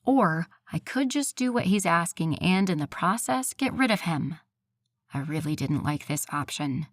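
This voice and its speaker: A woman narrating a first-person audiobook in an expressive way and voicing the characters. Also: fairly low pitch, measured pace, dry recording, studio quality.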